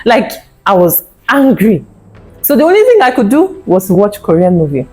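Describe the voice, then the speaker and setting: A woman's voice: mid-range voice, big pitch swings, normal speed, darkish tone, husky, faint music behind, low-quality recording. Earnest woman telling a personal story. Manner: earnest, emotional retelling with acted quotes. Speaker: vlogger sharing a fertility testimony.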